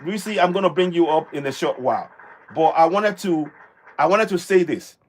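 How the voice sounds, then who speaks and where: A man's voice: on the high side, expressive, normal speed. A man from Africa hosting a live stream, commenting on a clip in a rambling way with many fillers and restarts. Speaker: livestream host.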